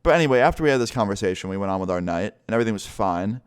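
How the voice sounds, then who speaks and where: A young man vlogger telling a story in a casual, profane, animated way. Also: lowish voice, racing, clean tone.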